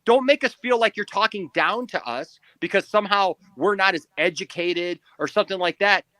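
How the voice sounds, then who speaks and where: A man's voice: high voice, moderate pace, bright, forceful tone, no echo. A man co-hosting a live stream, arguing emphatically and repeating himself as he pleads his point in a heated debate. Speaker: stream co-host.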